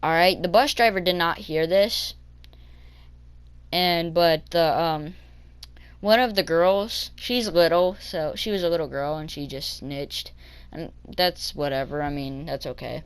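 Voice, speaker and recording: A teenage boy telling a story for his vlog in a halting way, with many ums and restarts. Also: fairly high pitch, smooth. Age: teens. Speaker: vlogger.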